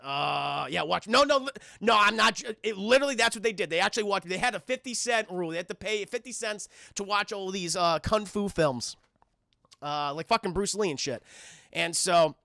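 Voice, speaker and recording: A man's voice: sits high, animated, moderate pace, creaky, sharp tone, dry recording, clean studio sound. A man recapping a film live for his stream chat, rambling and swearing freely as he goes. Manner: rambling, profane, addresses chat.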